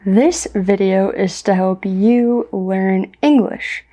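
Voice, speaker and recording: A young American woman telling a story slowly and clearly for English learners, repeating ideas in simple words. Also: medium pitch, dark tone. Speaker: English teacher.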